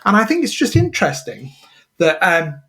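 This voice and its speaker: A husky, slightly high-pitched man co-hosting a podcast. He chats casually and rambles, circling back with fillers and restarts. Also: wildly swooping pitch, normal speed, bright, forceful tone. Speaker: podcast co-host. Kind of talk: casual chat.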